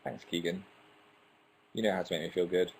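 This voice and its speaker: A young man hosts a relaxed livestream through a webcam microphone, speaking briskly in a low, darkish voice with fairly even intonation. He reads viewer comments, makes fun of himself, and stumbles over words now and then.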